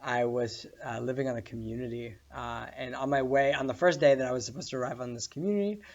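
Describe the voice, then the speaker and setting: A man giving a casual spoken meditation lesson, telling a story in a relaxed way with many fillers. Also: mid-range voice, fast talker, dull audio. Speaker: meditation course teacher.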